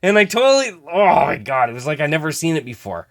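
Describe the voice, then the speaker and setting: A man's voice: on the high side, big pitch swings, fast. A man hosting a casual card-opening vlog, chatting to viewers as he sorts through cards. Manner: chatty, talks to viewers while sorting cards. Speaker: host.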